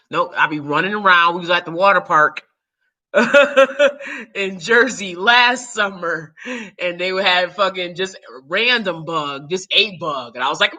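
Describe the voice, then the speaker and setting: A woman YouTuber and actor chatting casually to her viewers, animated and swearing freely, breaking into loud shrieks and laughs. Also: on the low side, measured pace. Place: New York City.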